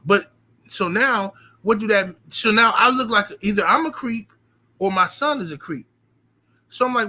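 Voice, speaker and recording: A man's voice, high-pitched and piercingly bright, tells a story to his stream audience. His delivery is emphatic, animated and loaded with profanity. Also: moderate pace, poor audio. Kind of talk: casual storytelling rant.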